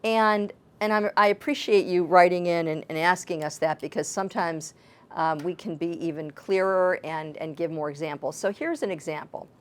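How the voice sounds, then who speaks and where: A woman's voice: fairly low pitch, normal speed. A woman life coach giving advice on a talk show, earnestly explaining her point with everyday examples.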